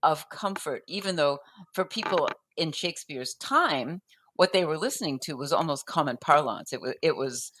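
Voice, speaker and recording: Low-voiced woman explaining poetry. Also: animated, moderate pace, fairly bright tone, a little hiss or hum. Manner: thoughtful, with frequent restarts and fillers; taps out rhythms aloud as da-dum. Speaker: poetry guest explaining poetic form. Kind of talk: conversational explanation.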